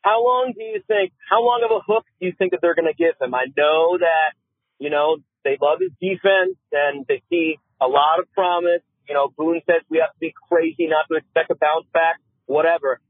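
A man's voice: a little high, moderate pace, no echo. A man from Boston calling in to a sports radio show, eager and rambling, heard over a phone line. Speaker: caller. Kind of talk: call-in radio.

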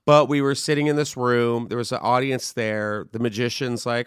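Smooth-voiced chatty male podcast host. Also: medium pitch, moderate pace, no echo, clean studio sound. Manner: chatty, animated storytelling. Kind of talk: casual chat.

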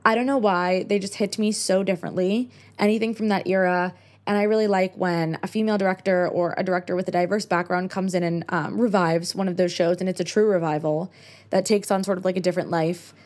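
A woman's voice: lowish voice, fairly even intonation, brisk, darkish tone. Chatty young American woman. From United States. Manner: chatty, many "like" fillers. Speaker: podcast host. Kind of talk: casual solo chat.

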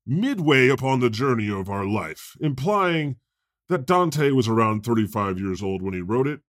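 A man's voice: medium pitch, big pitch swings, normal speed, no room sound. Man in improvised comedy podcast, playing God, rambling, laughing, dry close sound. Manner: jokey, rambling, bursts into laughter.

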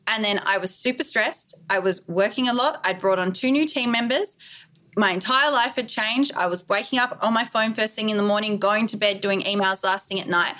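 Brief: woman guest on an interview podcast, earnest and emphatic, medium pitch. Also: fairly quick, bright, forceful tone. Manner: earnest, emphatic, list-like delivery. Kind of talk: candid interview conversation.

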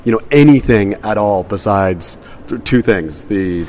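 A man with a lowish voice chatting on a podcast. He presses his points hard, repeating words for weight. Faint hiss behind him. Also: lively intonation, measured pace, darkish tone. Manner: emphatic, stacks repeated words for stress. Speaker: podcast co-host. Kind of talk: casual chat.

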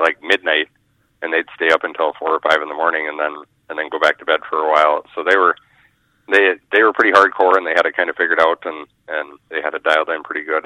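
A man's voice: extremely low pitch, sharp tone, dry recording. A man, a fishing guide talking casually in a radio interview, rambling and repeating his words. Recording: muffled phone line.

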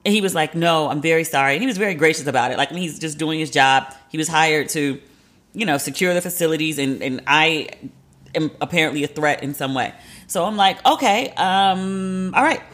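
A woman's voice: low voice, a little fast. A woman talking straight into the mic in a loose, unscripted monologue. She is frank and swears freely. She breaks into little acted quotes of what she and others said. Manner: candid, profane, animated storytelling with quoted asides. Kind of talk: casual storytelling monologue.

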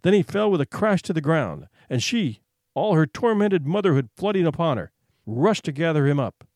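A man narrating a short story in an expressive, suspenseful reading. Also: on the high side, normal speed, no echo, clean studio sound. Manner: expressive, suspenseful, hushed for tension.

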